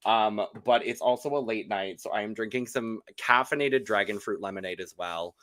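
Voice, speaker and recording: A man's voice: fairly low pitch, moderate pace, a bit bright, no room sound. A man hosting a casual podcast chat in a playful, campy way, his voice worn and giving out. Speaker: podcast host.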